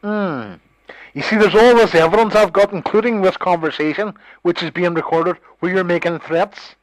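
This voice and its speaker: A man's voice: high voice, normal speed, dry recording, poor audio. A man in a heated phone argument, scornful, combative and swearing freely. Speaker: phone call participant.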